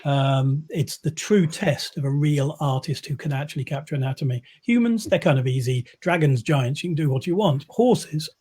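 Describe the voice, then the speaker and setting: A man's voice: on the high side, normal speed, hardly any pauses, warm tone, breathy edge. A man, a publisher, chatting casually on a video call in a wry, rambling way with many fillers. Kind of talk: casual chat.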